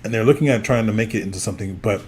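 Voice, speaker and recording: A man co-hosting a casual show recap, excitable and prone to loud exclamations. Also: lowish voice, racing, slightly rough.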